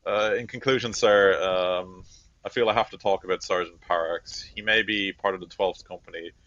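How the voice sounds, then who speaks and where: Man as a formal, polite sergeant; low, lo-fi. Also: steady tone, fairly bright tone, dry recording. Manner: polite, measured, confiding. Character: formal, dutiful male sergeant, deferential.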